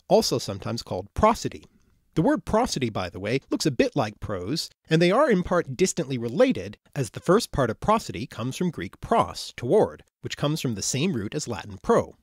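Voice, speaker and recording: A man's voice: medium pitch, slightly rough, dry recording, clean studio sound. A man narrating a scripted educational lecture on word origins and poetic meter, explaining each term carefully and precisely. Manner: precise, explanatory, careful over foreign terms. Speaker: educational video host.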